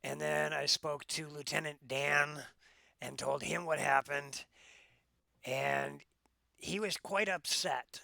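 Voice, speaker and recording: A man playing a tabletop game, speaking his character in a measured, politely formal way. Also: a little high, fairly even intonation, creaky, bright, forceful tone, dry recording, clean studio sound. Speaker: player.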